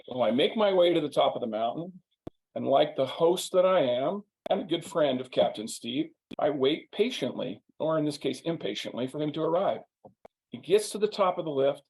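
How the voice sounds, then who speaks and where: A man's voice: a little high, lively intonation, normal speed, darkish tone, rough recording. A man, a guest on a business interview, telling a wry, humorous anecdote and drawing a sales lesson from it. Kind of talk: anecdotal storytelling.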